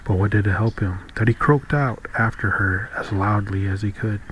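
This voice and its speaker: A man narrates an old fairy tale in a calm, measured storybook reading. His voice sits fairly low, and a faint hiss of ambience runs underneath it. He keeps a steady, unhurried reader's pace. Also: rough recording. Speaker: audiobook reader.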